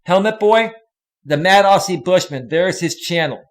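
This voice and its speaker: In this angry live stream rant, the male host's voice sits high, with lively intonation and a normal speed. He curses nonstop and speaks straight to his chat viewers, calling them out by name.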